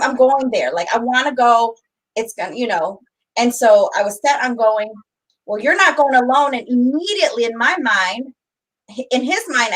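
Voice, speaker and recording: Middle-aged woman, high voice, podcast co-host, animated storyteller who acts out quotes. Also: poor audio. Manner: animated, acts out quotes, talks over her partner. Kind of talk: casual storytelling chat.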